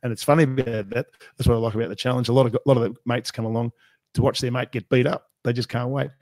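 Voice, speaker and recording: An Australian man chats on a podcast at a quick clip, spinning joking stories about the ring. His voice sits in the middle range and sounds dry and close to the mic, with no room around it. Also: medium pitch, steady tone, darkish tone, no room sound. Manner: joking storyteller, quick and chatty. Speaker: podcast host and fight commentator. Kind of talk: casual podcast chat.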